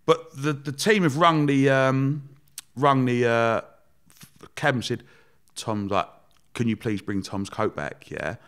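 Man, young adult, casual interview guest, animated storyteller, swears freely, mid pitch. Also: takes it slowly, pauses often, smooth. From Romford, England. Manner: animated, swears, acts out quoted voices. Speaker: guest entrepreneur.

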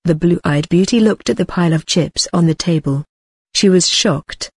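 A woman narrates a translated web novel in a steady, measured read. Her voice sits a little low and has a breathy, husky edge, recorded dry and close with no room sound. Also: dry recording.

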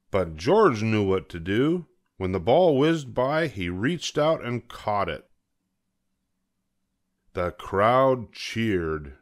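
Older man, children's book read-aloud, slow pace, lively pitch. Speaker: storyteller.

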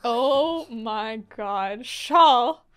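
A woman's voice: fairly high pitch, lively intonation, extremely slow, fairly bright tone, faint music behind. A woman hosting live anime reaction commentary, exclaiming, gasping and laughing as she gets emotionally invested.

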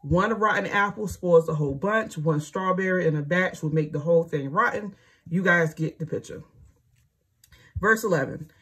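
A woman's voice: on the low side, normal speed, fairly bright tone, breathy edge. A woman casually reading scripture aloud and adding chatty commentary. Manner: chatty, conversational asides and fillers. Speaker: Bible reading host.

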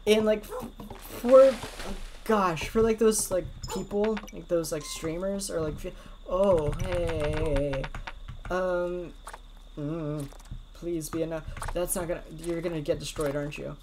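A woman's voice: lowish voice, slow pace, noisy background. A woman giving casual gameplay commentary, rambling and leaning on lots of filler words. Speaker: gameplay video creator. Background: game music.

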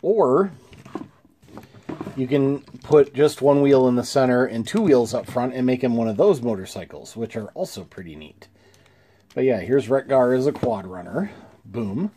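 Mellow-voiced congested male toy reviewer. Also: medium pitch, animated, a little slow, a little hiss or hum. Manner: easygoing, chuckling, many fillers and restarts. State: a little congested.

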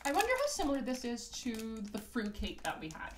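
A woman's voice: a little high, huge pitch swings, fast talker. Upbeat young woman from canada taste testing snacks, voice bouncing all over, bit of hiss. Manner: bubbly, playful and exclaiming. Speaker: co-host of a snack tasting channel. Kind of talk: casual chat.

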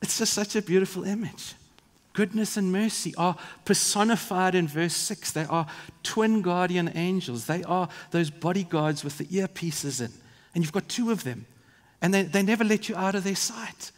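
A man's voice: sits high, normal speed. A man from Africa, preaching a sermon in an earnest, vivid way with asides to the congregation. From South Africa. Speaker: pastor. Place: large church. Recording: long reverb of a church hall.

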